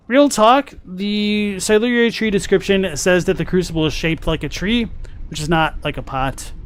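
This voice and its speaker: With a high, clean-toned voice, a man streams a game. His commentary is casual, mixing talk about the lore with thoughts spoken aloud as he plays.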